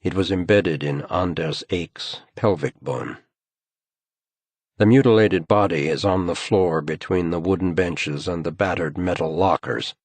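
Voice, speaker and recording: A man reading a crime thriller audiobook in measured, grave scripted narration. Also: deep voice, no room sound.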